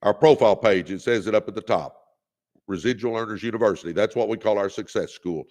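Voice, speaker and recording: A man's voice: fairly low pitch, fast, darkish tone. A man hosting a motivational livestream, exhorting viewers and reading out their comments. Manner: preachy, exhorting, leads call-and-response. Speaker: host. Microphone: phone or webcam on a livestream.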